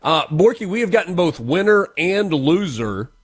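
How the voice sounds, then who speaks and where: A man hosting a sports talk radio show, giving measured, opinionated commentary in casual chat. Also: high-pitched, big pitch swings, breathy edge, dry recording, studio quality.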